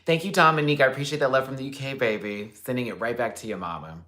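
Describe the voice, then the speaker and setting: A man hosting a casual livestream, telling a story in an animated, expressive way, swearing freely and talking directly to his viewers. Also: mid-range voice, quick pace. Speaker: livestream host.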